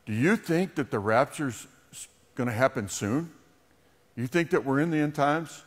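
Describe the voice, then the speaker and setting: Middle-aged pastor preaching in a reverberant church hall. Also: male voice, mid-range voice, animated, moderate pace, husky. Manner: storytelling, then leading a prayer. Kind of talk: sermon. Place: church sanctuary.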